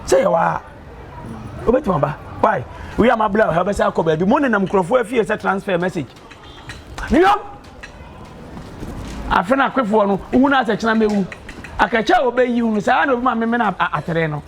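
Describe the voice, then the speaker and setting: A man's voice: sits high, lively intonation, fast talker, vocal fry, pauses often, slight background noise. An actor with a Ghanaian accent playing a talkative man who lectures and advises a young woman in a film drama. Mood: insistent.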